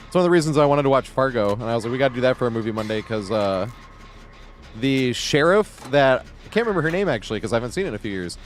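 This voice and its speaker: A man's voice: medium pitch, big pitch swings, fast. A man live-streaming a game, chatting casually in a rambling, profane way, chuckling often. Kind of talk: casual live-stream chat while gaming.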